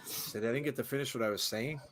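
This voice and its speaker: A young man hosts a live watch-along in a loose, rambling way and keeps stumbling into restarts. His voice sits at an ordinary middle pitch. He talks like he is chatting with viewers as things happen. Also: fast talker, noisy background. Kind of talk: casual live commentary.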